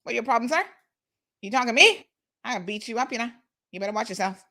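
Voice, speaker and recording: A woman's voice: mid-range voice, steady tone, very fast, fairly bright tone, close to an everyday voice. A woman imitating a man picking a fight, mock-threatening with dialect phrasing.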